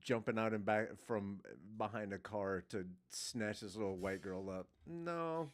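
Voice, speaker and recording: A male podcast host in casual chat, joking bluntly and trading quick banter. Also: lowish voice.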